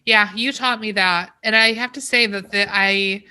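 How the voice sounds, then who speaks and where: Animated, self-deprecating woman, bright tone. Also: mid-range voice, moderate pace, smooth. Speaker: podcast co-host. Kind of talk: casual chat.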